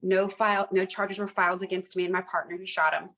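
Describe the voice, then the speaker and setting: A woman in her fifties, a retired police lieutenant, telling stories as a guest in an animated, emphatic way and repeating phrases for effect. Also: lowish voice, fast. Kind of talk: conversational storytelling.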